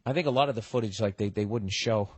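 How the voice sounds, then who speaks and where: A man's voice: on the low side, quick pace, husky, dry recording. A middle-aged man hosting a podcast, reading listener letters in a casual, profane, sarcastic rant and arguing with himself over the details. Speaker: podcast host.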